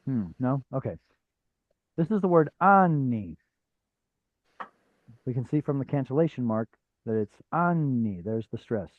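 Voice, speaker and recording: A patient man leads a live online class, explaining slowly and stopping often on fillers. His voice comes through a narrow, phone-like video call line. The sound is dry, with no room around it. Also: mid-range voice, lively intonation, no room sound. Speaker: Hebrew teacher.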